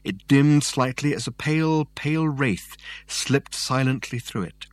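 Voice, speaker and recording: A man reading a novel aloud as narrator in a dry, measured way. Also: mid-range voice, no echo. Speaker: audiobook narrator. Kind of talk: scripted narration.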